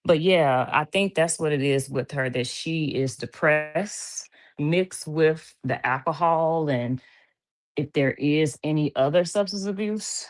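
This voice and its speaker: Low-voiced woman chatting on a livestream. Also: slow pace. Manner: chatty, reads chat comments aloud, laughs often. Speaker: livestream host. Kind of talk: casual livestream chat. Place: home.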